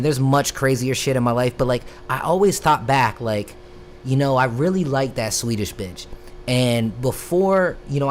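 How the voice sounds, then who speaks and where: A young man from Florida, a rapper hosting a live stream, telling stories in casual chat with a lively, profane delivery. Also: medium pitch, slight background noise. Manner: animated, profane, drawn-out "bro" asides.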